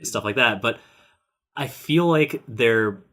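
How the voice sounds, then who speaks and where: A man co-hosting a casual film podcast, talking animatedly and acting out characters in quick voices. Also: mid-range voice, lively intonation, a bit bright. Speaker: podcast co-host.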